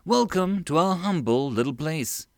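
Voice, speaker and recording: A man's voice: on the high side, animated, measured pace, a little mellow, dry recording, studio quality, voice pushed up. A man voicing a tactful young princess. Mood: polite. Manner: tactful, hesitant politeness. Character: polite young female princess governor.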